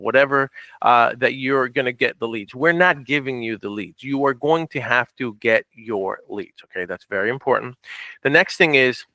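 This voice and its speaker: A man runs a business training session with a bright, forceful voice. He talks plainly and firmly, hammers his points home with repetition and keeps asking whether his listeners follow. The recording is close and dry. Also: medium pitch, no echo. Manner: direct, repeats points, checks in with "okay?". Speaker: real estate investing trainer. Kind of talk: training presentation.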